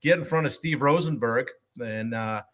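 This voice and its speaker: A man in a mid-range voice runs an easygoing live stream, conversing with a video-call guest at a moderate pace. He often uses filler words and restarts his sentences.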